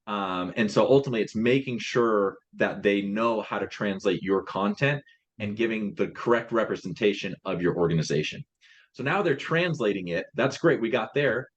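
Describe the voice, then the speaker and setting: Man explaining translation work, low voice. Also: lively intonation, normal speed, slightly rough, highs cut off. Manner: explanatory, restarts phrases. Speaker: translation company guest. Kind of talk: casual business chat.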